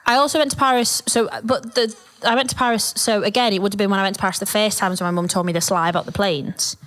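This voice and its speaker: A woman's voice: medium pitch, fairly even intonation, fast, a bit bright. A woman, co-hosting a podcast and telling rambling, self-mocking stories with a lot of laughter. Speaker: podcast co-host. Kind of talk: casual comedic chat.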